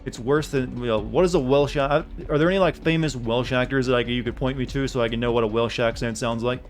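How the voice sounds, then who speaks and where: Male streamer, casual gaming commentary, rambling, joking, mid pitch. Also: fast, faint music behind. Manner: rambling, joking, thinks aloud.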